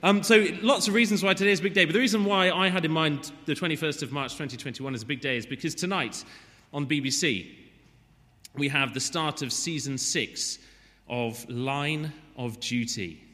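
Male preacher, fairly high voice, chatty and joking, long echo of a large hall. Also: normal speed, sharp tone. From Wales. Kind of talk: sermon.

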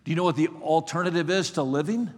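A man preaching a sermon, slow and emphatic, often repeating words as he starts a sentence. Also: a little high, a little mellow, long reverb tail.

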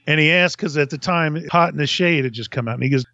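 A male podcast host telling an animated story, laughing often and swearing freely. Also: fairly high pitch, fast talker, hardly any pauses, dry recording, lo-fi sound.

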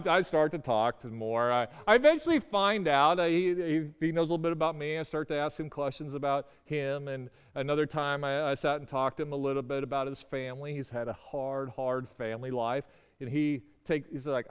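Male storyteller, resonant voice, halting delivery full of restarts, recorded with a long reverb tail. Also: fairly high pitch, smooth. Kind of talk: personal storytelling.

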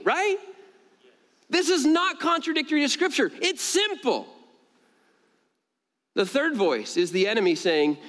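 A man preaching a sermon to his congregation, animated, jumping higher in pitch to stress a point and laughing between stories. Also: normal speed, pauses often. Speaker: pastor. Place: church sanctuary. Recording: long reverb of a large church hall.

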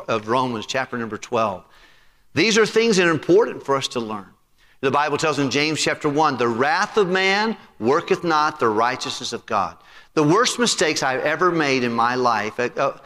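Pastor, male, forceful bright tone, preaching sermon with call-and-response questions, church hall reverb. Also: mid-range voice. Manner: preaching with rising emphasis and congregational questions. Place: church sanctuary.

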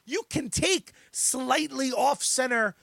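A man co-hosting a podcast, talking with excitable enthusiasm and casual swearing. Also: very high-pitched, slow pace, creaky, dry recording, studio quality. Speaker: podcast co-host.

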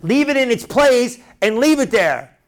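Animated conversational male preacher, high voice. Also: unhurried. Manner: conversational, animated, repeats and restarts phrases, asks the room questions. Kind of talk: sermon.

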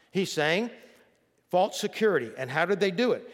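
A man's voice: sits high, sing-song, normal speed. Preaching man in a reverberant church. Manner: preaching, reads scripture aloud and leads the congregation in call-and-response. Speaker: pastor. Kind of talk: sermon. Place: church sanctuary.

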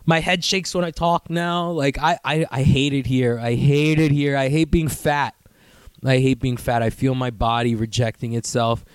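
A young man hosting his own podcast, ranting in a profane, rambling, self-mocking way and sometimes doing mocking high voices. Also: steady tone, moderate pace, smooth, no room sound, clean studio sound. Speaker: podcast host. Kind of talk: casual solo podcast rant.

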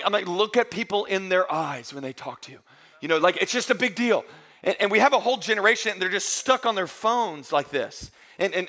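A man's voice: high-pitched, sharp tone. A middle-aged male pastor preaching a sermon in a church service, talking in an earnest, conversational way with frequent restarts and repeated words.

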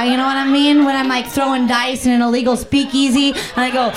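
With music in the background, a woman with a high voice talks briskly through profane, playful crowd-work stand-up at a comedy club, using a handheld mic. Her manner is brash, and she bursts into song.

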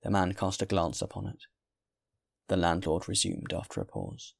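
A man reading a classic novel aloud in a steady, measured narration. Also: low voice, creaky. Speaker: audiobook reader.

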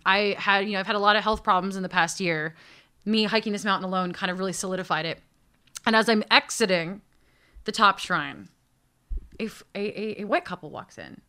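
Bright-voiced American woman telling a story. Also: medium pitch, a little fast, clear, resonant tone. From United States. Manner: animated, acts out quotes, frequent restarts. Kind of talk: casual storytelling chat.

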